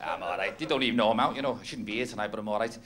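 A man's voice: fairly low pitch, rapid-fire, fairly bright tone. A man from North West England doing a rambling, self-mocking stand-up routine on a club stage, often laughing at his own jokes. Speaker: stand-up comedian. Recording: noisy old club recording. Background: audience laughter.

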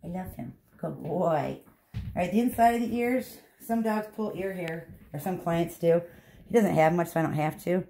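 A woman dog groomer talks through a grooming lesson in a chatty, reassuring way, stopping to soothe the dog. Her voice sits a little low. The room is echoey, with faint background noise. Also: fairly even intonation, moderate pace, warm tone. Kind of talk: hands-on grooming tutorial.

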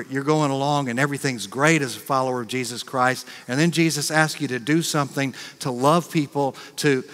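A man with an American accent, a pastor preaching a sermon in a conversational way, acting out quick reactions and repeating words. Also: medium pitch, a bit bright. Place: church sanctuary. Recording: long reverb of a large church.

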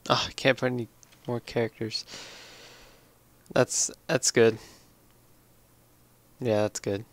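A tired young man slowly rambling through casual commentary on his own game. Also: mid-range voice, little pitch movement. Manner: slow, drowsy, rambling. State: tired, yawning. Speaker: let's play gamer.

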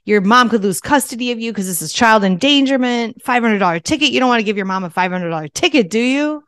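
A woman's voice: on the high side, animated, fast talker, a bit bright. A woman quoting a stern older cop scolding. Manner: stern scolding, angry-dad lecture. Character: stern older male cop lecturing a child.

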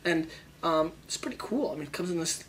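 A man hosting a casual wine tasting show, excitable and playful, riffing on flavors in slangy talk. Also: on the high side, fairly quick, a little hiss or hum.

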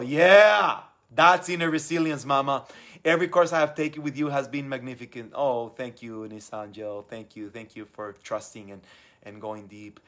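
Male live-stream host, young adult, slightly high voice, gushing and upbeat with lots of repeated words. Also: fairly bright tone. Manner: enthusiastic, effusive, repeats words. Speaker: live stream host reading viewer comments. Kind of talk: casual live stream talk.

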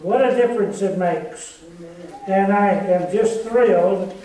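Texan man, church elder, high-pitched slow preaching, echoey sanctuary from far off. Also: dark tone. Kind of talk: sermon. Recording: echoey church recorded from far off, faint noise.

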